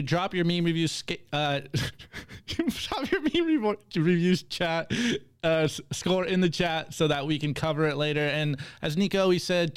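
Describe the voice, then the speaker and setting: An upbeat man co-hosting a casual podcast, reading memes aloud and giving shout-outs. His voice sits a little high and comes through smooth and resonant. The sound is close and dry, with no room around it. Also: no echo. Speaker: co-host presenting the meme segment.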